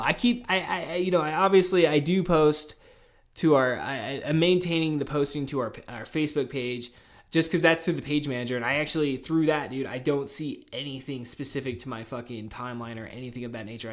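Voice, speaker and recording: A man in his thirties hosts his own podcast, rambling through a profane, stream-of-consciousness monologue. His voice sits at an ordinary middle pitch, and he swings between bursts of loud energy and low mutters. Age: 30s. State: tired and a little high. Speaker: podcast host. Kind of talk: casual monologue.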